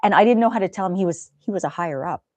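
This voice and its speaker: A woman hosting a livestream in a gentle, chatty way, reading viewer comments aloud. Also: mid-range voice, very fast, no room sound, dull audio. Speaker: livestream host. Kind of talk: casual chat.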